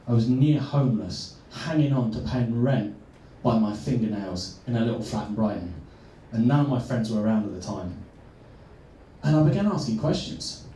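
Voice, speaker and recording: A man, a coach, telling a personal story earnestly and slowing down for emphasis. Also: mid-range voice, mellow, a little hiss or hum. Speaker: transformational coach. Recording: echoey room, far from mic.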